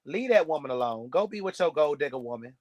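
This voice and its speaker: A man's voice: fairly high pitch, expressive, fast, a little mellow, highs cut off. A man giving a sassy, blunt, gossipy recap of a reality show episode. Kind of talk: casual recap commentary.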